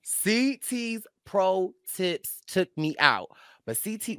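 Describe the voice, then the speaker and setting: An animated male host with a bright, forceful voice, recorded close and dry. He talks in a casual recap style and acts out quotes as he goes. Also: high-pitched, takes it slowly, no echo. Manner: animated, laughing, plays out quotes.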